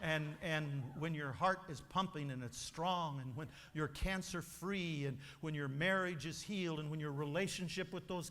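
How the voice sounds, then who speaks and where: Animated high-voiced man in a reverberant hall. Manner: emphatic, preacher-like storytelling with acted voices. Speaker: motivational speaker. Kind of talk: motivational speech to a convention audience. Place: large convention hall.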